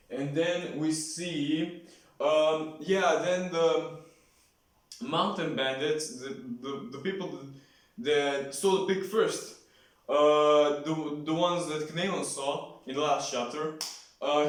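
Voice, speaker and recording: A man casually reviewing a comic chapter, rambling with lots of fillers. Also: a little high. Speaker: manga reviewer. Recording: very echoey room, far from mic.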